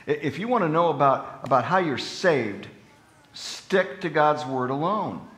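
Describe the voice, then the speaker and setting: A man preaching a sermon as pastor, earnest and conversational, rising into animated emphasis on his main points. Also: on the high side, unhurried. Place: church sanctuary. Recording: echoey church room.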